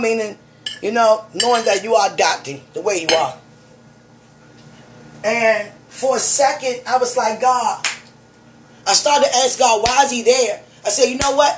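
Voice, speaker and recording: A woman's voice: fairly high pitch, slight background noise. A woman giving a fervent, emotional spiritual message to one listener, preaching and repeating her phrases.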